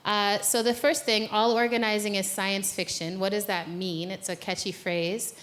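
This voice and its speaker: Her voice is medium-pitched and fairly bright, with a level tone and moderate pace. This American organizer guides the audience through an exercise at a conference, then shifts into a playful, chatty stage talk where she laughs at her own jokes.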